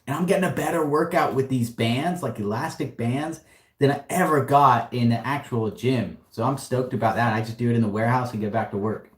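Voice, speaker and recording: Talking fairly quickly at a medium pitch, a man runs a casual livestream Q&A from an echoey warehouse. He answers the viewer questions he reads out, staying upbeat and slangy and laughing often.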